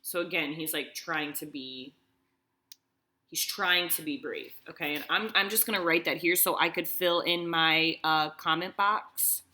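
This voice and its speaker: A woman's voice: low-pitched, steady tone, unhurried, bright, forceful tone. A woman teacher reading a story aloud and explaining it step by step, often checking in with "okay?". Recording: echoey room.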